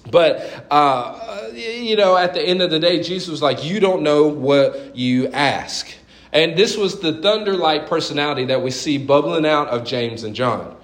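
A man's voice: a little high, moderate pace, few pauses, echoey room, low-quality recording. A man preaching a sermon, telling stories with humor and acting out quoted lines. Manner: animated storytelling with jokes and acted-out quotes. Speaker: pastor.

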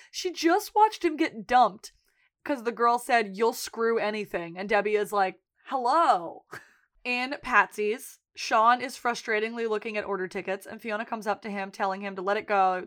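A woman's voice: mid-range voice, normal speed, fairly bright tone. A woman co-hosting a podcast, casually recapping a TV episode and acting out the characters' lines, with plenty of swearing. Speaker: podcast co-host.

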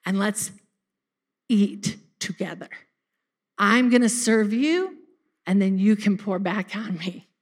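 A woman's voice: mid-range voice, lively intonation, slow pace, long pauses. A woman preaching a casual sermon to a congregation, chatty and direct, often asking if they caught that. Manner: chatty, laughing, talks straight to the congregation. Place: church service.

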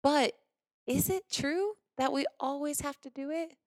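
A woman from Missouri hosting a podcast, telling a personal story in a lively, chatty way with lots of "like" fillers. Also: sits high, a little slow, no echo. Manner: animated, chatty, frequent "like" fillers. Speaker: podcast host. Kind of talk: casual storytelling monologue.

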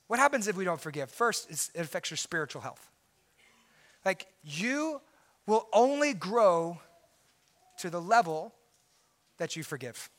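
A man delivers a sermon as pastor with a high, bright, forceful voice. He swings from loud, emphatic declarations to hushed, intense asides. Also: big pitch swings, measured pace, long pauses.

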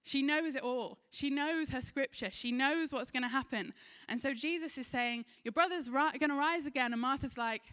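A woman's voice: high voice, normal speed, a bit bright. A woman with an English accent preaching a sermon, retelling a scripture story in an earnest voice and briefly acting out the people in it. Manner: earnest storytelling, acts out quoted lines.

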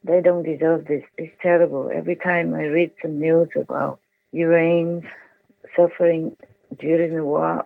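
Creaky high-voiced man on a tinny phone line. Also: flat delivery, moderate pace, no echo. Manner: emotional, pleading, repeats words. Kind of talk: phone call with followers. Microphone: telephone.

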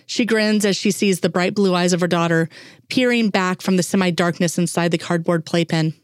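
A woman reading fan fiction aloud in a steady, unhurried way. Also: lowish voice, no echo, studio quality. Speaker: reader.

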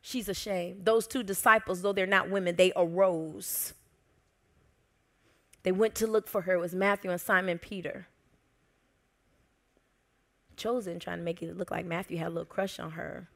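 A woman pastor preaching a sermon, telling a story with lively expression and dropping to soft whispers at tender moments. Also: fairly low pitch, normal speed, creaky.

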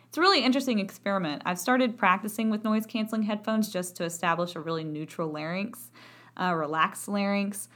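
A woman with a Texan accent talks through a podcast lesson as a voice professor. Her voice sits in a middle pitch, and her delivery is chatty and self-deprecating, with frequent laughs. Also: fairly bright tone. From Texas. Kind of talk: educational podcast talk.

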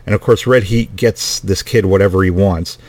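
A man's voice: low voice, moderate pace, darkish tone. A middle-aged man telling a family story in a rambling, casual way, swearing often and sounding exasperated.

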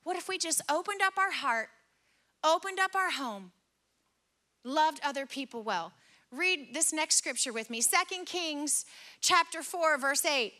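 A woman's voice: high-pitched, expressive, a little slow, pushed and bright. A woman preaching a sermon in an earnest, conversational way, retelling scripture in her own words.

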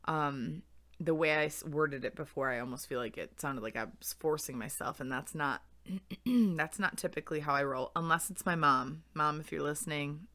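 A woman's voice: low voice, moderate pace, fairly bright tone. A young woman hosting a podcast on her own, talking in a candid, reflective way and laughing easily. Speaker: podcast host. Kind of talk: solo podcast talk.

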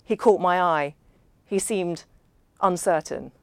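A woman reads a first-person novel in a measured, understated way. Her voice sits on the low side, and the recording is dry and close. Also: clean tone, no room sound. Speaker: audiobook narrator.

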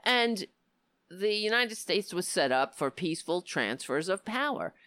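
A woman hosting a political talk show, giving impassioned, indignant commentary with a hoarse voice. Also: on the low side, sing-song, a little slow, dry recording. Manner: impassioned, indignant, rising to near-shouting.

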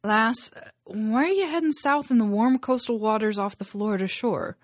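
A woman's voice: fairly high pitch, normal speed, no room sound, clean studio sound, pitched above the performer's own voice, lightly acted. A woman doing a cocky Irish sea captain. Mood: teasing. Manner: teasing, taunting.

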